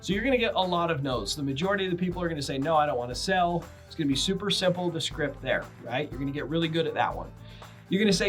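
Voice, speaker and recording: A man with a fairly high voice coaching his viewers through cold calling, brisk and direct. He acts out both sides of sample phone calls as he goes. A faint music bed plays under him. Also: animated, a bit bright. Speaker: real estate investor teaching cold calling. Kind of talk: instructional talk to camera.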